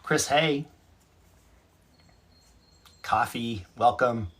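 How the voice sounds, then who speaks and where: Husky man chatting live. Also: medium pitch, extremely slow, fairly bright tone. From North Carolina, USA. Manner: chatty, self-mocking, laughs easily. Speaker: livestream host. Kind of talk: casual live chat, reading out viewer comments.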